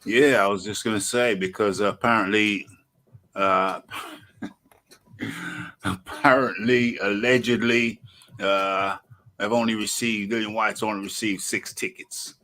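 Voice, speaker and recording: A man hosting a live online boxing talk show, animated and thinking aloud as he searches. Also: fairly low pitch, takes it slowly, pauses often. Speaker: host.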